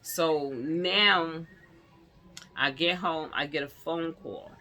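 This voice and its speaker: A woman vlogger telling a personal story to her viewers in a casual, animated way, laughing often. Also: deep voice, slow.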